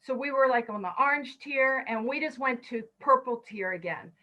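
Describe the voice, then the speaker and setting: A woman's voice: high-pitched, moderate pace, sharp tone, lo-fi sound. A woman in her fifties from California, leading an online stress management class, talking listeners through breathing counts with chatty personal asides.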